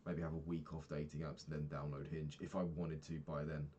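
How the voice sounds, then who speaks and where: A man's voice: extremely low pitch, flat delivery, a little fast, dark tone, dull audio, a little hiss or hum. A young man in his twenties talking frankly in a rambling daily vlog, swearing casually and filling gaps with ums. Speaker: vlogger.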